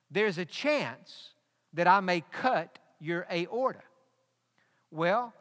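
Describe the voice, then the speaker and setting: Man, preacher, high bright voice, storytelling sermon, long hall reverb. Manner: storytelling preacher, rising to emphatic peaks. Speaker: pastor.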